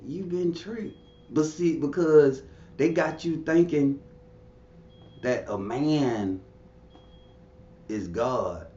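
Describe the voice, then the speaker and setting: A man's voice: a little high, very slow, long pauses, mellow, reverberant, dull audio, slight background noise. A man giving an interview, telling stories in a blunt, profane, preachy way. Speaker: interview guest. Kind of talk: casual conversational storytelling.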